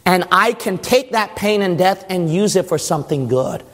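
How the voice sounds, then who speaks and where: Male preacher, high voice, emphatic delivery full of questions to the congregation, long hall reverb. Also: animated, moderate pace, a bit bright. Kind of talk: sermon.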